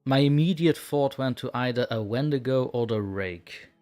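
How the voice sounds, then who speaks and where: A man's voice: medium pitch, moderate pace, a little mellow. A man from Europe chatting as a podcast guest, joking and hedging his claims. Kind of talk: casual chat.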